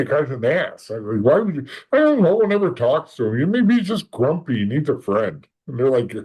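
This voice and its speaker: A middle-aged man, a podcast guest, telling his story in a lively way, acting out what others said and swearing freely. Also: medium pitch, low-quality recording. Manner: animated, acts out quoted voices, swears. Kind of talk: storytelling in an interview.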